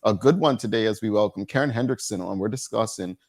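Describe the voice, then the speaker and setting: A man hosting a talk show, talking in casual banter that stammers into restarts and leaps up in pitch when he gets excited. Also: fast talker, no echo, studio quality.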